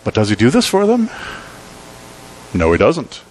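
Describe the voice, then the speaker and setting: A male pastor preaching a sermon in a conversational, emphatic way, with dramatic pauses. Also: medium pitch, wildly swooping pitch, a little mellow, slight background noise.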